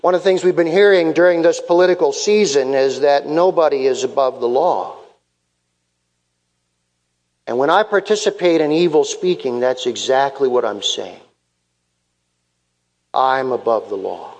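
A man's voice: mid-range voice, moderate pace, darkish tone, in a large hall. A man preaching a sermon as pastor, repeating key phrases for emphasis and acting out little dialogues to make his point.

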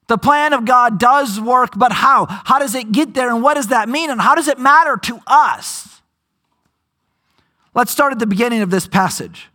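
A pastor preaching a sermon in a conversational way, slowing down for dramatic emphasis and sometimes bursting out loudly. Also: male voice, very high voice.

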